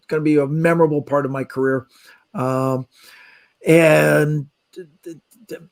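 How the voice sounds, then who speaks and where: A middle-aged man, a magician guest on a podcast, telling a travel story in a lively way and acting out the people in it. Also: on the high side. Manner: lively anecdotal telling with acted-out quotes. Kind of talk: animated storytelling.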